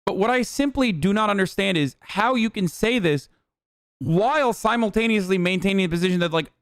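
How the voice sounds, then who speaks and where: A man's voice: high voice, brisk, a bit bright, clean tone, dry recording, studio quality. A man in his thirties streaming casual, profane political commentary, ranting heatedly and sarcastically at a desk microphone. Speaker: streamer reacting to news.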